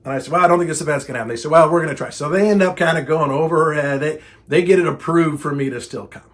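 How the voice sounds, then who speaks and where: A man's voice: fairly high pitch, rapid-fire. A middle-aged man, a speaker and trainer, telling a story casually and acting out both sides of an exasperated argument. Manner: animated, exasperated retelling with quoted dialogue.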